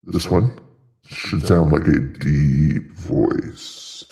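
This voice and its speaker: A man speaking through a deep voice changer filter and showing it off to his viewers. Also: steady tone, extremely slow, vocal fry, dark tone, exaggerated voice. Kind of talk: testing voice filters on a livestream.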